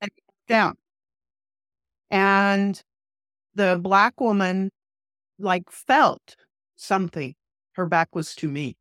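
A woman minister telling a personal story as a podcast guest, with an animated, earnest delivery that acts out the dialogue she quotes. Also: mid-range voice, very slow, pauses often, dry recording, clean studio sound.

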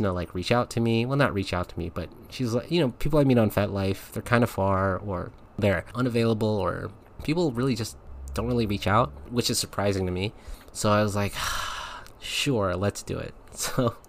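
A man's voice: fairly low pitch, slight background noise. A man, a podcast host, casually telling a personal story, laughing often and acting out the lines people said. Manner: chatty, laughs often, acts out quotes.

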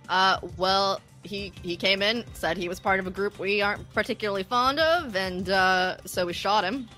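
A woman running a tabletop game as game master, chatty and quick to laugh. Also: medium pitch, bright, forceful tone, soft background music. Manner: laughs often, loose and chatty narration.

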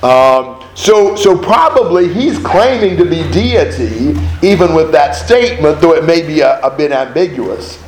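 A man's voice: on the high side, a little slow, few pauses. Emphatic man teaching a Bible study. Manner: emphatic, animated, with rhetorical questions. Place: room with a group of listeners. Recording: roomy echo, faint background noise.

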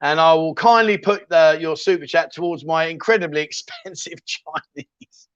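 Reading out viewer comments on his casual livestream, the host rambles and jokes, full of ums and restarts. He speaks at normal speed in a higher, slightly bright voice. The sound is lo-fi with no room sound.

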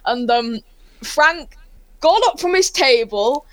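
A woman telling a story as an interview guest, excitable and rambling, often laughing. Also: sits high, slow pace, dry recording.

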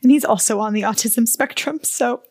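A woman hosting a solo podcast, talking slowly and candidly with open emotion and casual swearing. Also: fairly high pitch, a little mellow, no echo. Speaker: podcast host. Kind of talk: heartfelt solo podcast talk.

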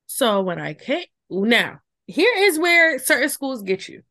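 A woman in a casual chat, lively and quick to laugh along. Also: high voice, dry recording, studio quality.

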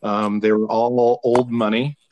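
A man in his thirties telling a long, animated, profane story in casual podcast chat, laughing now and then. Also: mid-range voice, measured pace, poor audio.

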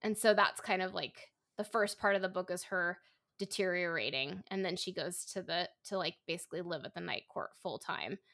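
A woman's voice: fairly low pitch, normal speed, fairly bright tone. A young adult woman co-hosting a podcast, recapping a story in a casual, chatty way with lots of "like" and "you know". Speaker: podcast co-host. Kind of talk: casual book discussion.

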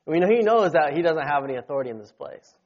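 A man preaching with a slightly high voice, dropping to a murmured amen and climbing to forceful shouts for scripture. The recording is dull and lo-fi, like a church sermon tape. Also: very animated, rapid-fire. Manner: preaching with call-and-response amens, rising to shouts on quotes. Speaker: pastor.

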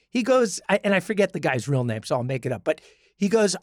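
High-voiced man telling stories with many restarts. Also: expressive, brisk, no echo, clean studio sound. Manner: storytelling with many restarts, acting out quoted people. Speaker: podcast co-host. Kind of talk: casual political chat.

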